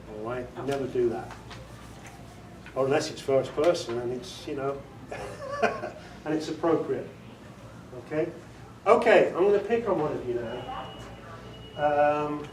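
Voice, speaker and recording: A man's voice: fairly high pitch, darkish tone. British man, audiobook director, casual workshop talk, joking, quizzing the audience, distant mic, echoey room. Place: meeting room with a small audience. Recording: echoey room, voice far from the mic, faint noise.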